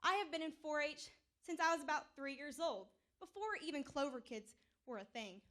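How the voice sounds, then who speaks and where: A woman with a high-pitched voice gives a prepared campaign speech. Her delivery is peppy and emphatic, and she leans hard on key words. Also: expressive, normal speed, pushed and bright. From Texas. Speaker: 4-H council candidate.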